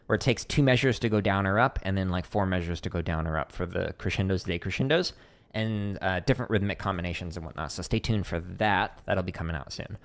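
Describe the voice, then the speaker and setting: A man from Arizona teaching drumming on a casual livestream, talking in a relaxed, rambling way with lots of fillers. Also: low voice, brisk. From Arizona, USA. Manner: relaxed, chatty, many fillers, counts strokes aloud. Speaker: drum teacher streaming Q&A.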